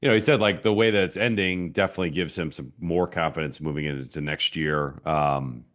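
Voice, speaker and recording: Male reporter, extremely deep voice, relaxed and hesitant. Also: brisk. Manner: laid-back, many ums and likes. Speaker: sports reporter. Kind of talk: casual sports talk.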